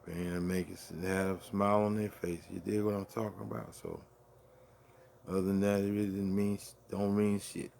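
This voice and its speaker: A man's voice: low voice, little pitch movement, moderate pace, gravelly, darkish tone, slight background noise. A man in his fifties, grieving, rambling profanely through a late-night monologue with many restarts. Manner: profane, meandering, restarts often. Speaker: vlogger.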